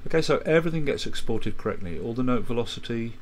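A man calmly walking through a music software tutorial, explaining step by step with quick asides. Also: mid-range voice, slight background noise. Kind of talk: screen-recorded software tutorial.

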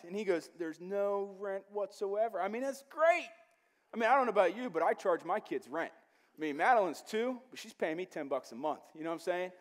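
A man preaching a sermon as pastor in a church, conversational and joking with the congregation. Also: high-pitched.

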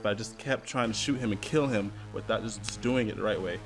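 A man hosting a gaming channel, commenting to himself as he plays a horror game, muttering at times and breaking into loud excited cheers and laughter. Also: fairly low pitch, brisk. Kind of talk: live commentary while playing a horror game. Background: faint game music.

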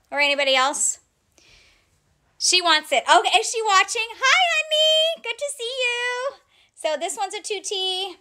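A woman's voice: very high-pitched, pushed and bright. A woman hosting a casual live clothing sale, chatting to viewers and reading out sizes and prices. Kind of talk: casual live-stream selling chat.

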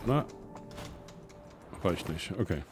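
A man from Germany casually commenting as he plays a video game, relaxed and musing to himself. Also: deep voice, slow, faint music behind. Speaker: let's play streamer.

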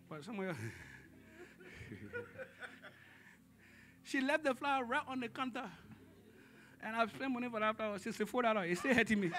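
A man preaching a sermon as pastor in a church service, dramatic, swinging from hushed tones to shouting and calling on the congregation for responses. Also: very high voice, sing-song, normal speed, pauses often, noisy background.

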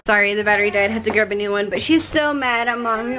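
A woman's voice: fairly high pitch, moderate pace, background noise. A young woman filming a casual family vlog, chatting to viewers and talking to her baby daughter. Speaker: vlogger mom.

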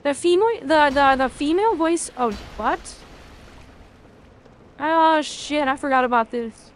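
A woman's voice: sits high, measured pace, slight background noise. A woman streaming a video game, chatting casually with her chat, rambling and swearing freely.

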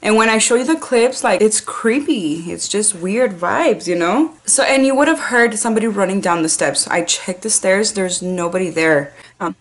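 A woman's voice: mid-range voice, normal speed. A woman who works as a 911 dispatcher, telling a story in a casual vlog. She talks freely, swears a lot, says "like" constantly and slips in Spanish slang. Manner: chatty, profane, heavy use of "like"; drops in Spanish slang phrases.

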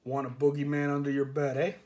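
A man's voice: medium pitch, completely flat delivery, fast talker, a little mellow, natural voice. A man voicing a menacing, leering boogeyman who taunts. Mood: taunting.

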